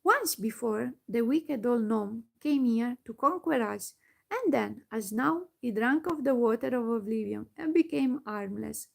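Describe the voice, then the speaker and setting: Whispered role-play, old male wizard, slow and solemn, voiced by a woman. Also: fairly high pitch, lively intonation, creaky, exaggerated voice.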